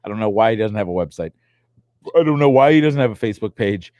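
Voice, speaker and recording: A middle-aged man hosting a podcast, joking and excitable, often restarting his sentences. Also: lowish voice, fast, dry recording. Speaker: podcast host. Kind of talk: casual chat.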